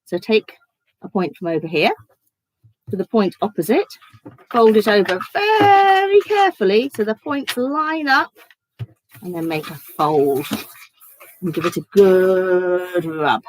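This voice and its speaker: A woman leading an online children's church session and calmly talking viewers through paper folding step by step. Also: medium pitch, a little slow, pauses often, slight background noise, low-quality recording. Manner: chatty, step-by-step instructing, giggly. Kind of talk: online craft lesson for children.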